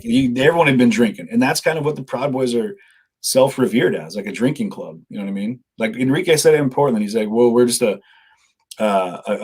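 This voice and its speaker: A man with a husky, slightly rough voice who talks at a rapid clip. He tells long, rambling stories in casual conversation, slipping into quotes of himself and others as he goes. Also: mid-range voice, darkish tone. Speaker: live-streamer guest.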